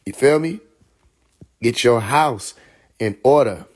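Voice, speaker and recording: Husky man ranting on a live stream. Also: slow pace. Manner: animated, laughs often, mimics others in higher voice. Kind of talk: casual live-stream monologue.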